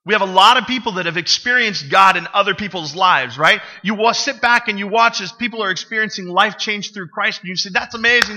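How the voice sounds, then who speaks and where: Bright-voiced pastor preaching with humor. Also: male voice, sits high, highs cut off. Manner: conversational storytelling with humor, asks the congregation questions. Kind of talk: sermon. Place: church sanctuary.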